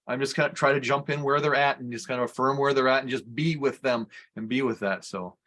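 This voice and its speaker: Fast-talking man telling a story. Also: medium pitch, fairly even intonation, fairly bright tone. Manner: rambling, self-correcting storyteller. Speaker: podcast guest. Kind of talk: casual storytelling.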